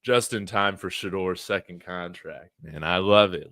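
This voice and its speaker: A man hosting a college football fan livestream, talking in an excited, brash, trash-talking way. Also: low-pitched, unhurried, hardly any pauses, dry recording, clean studio sound.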